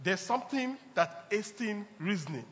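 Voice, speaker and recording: Pastor guy, really high bright voice, swoops all over, echoey church hall. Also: big pitch swings, moderate pace, background noise. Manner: emphatic, repetitive, laughing between points. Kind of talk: sermon. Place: church service.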